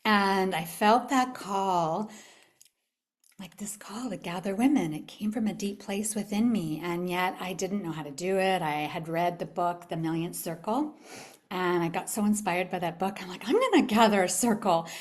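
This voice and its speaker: A woman's voice: on the low side, unhurried. A woman giving a motivational talk at a live event, telling her own story with animation and asking the audience questions. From California. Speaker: summit speaker.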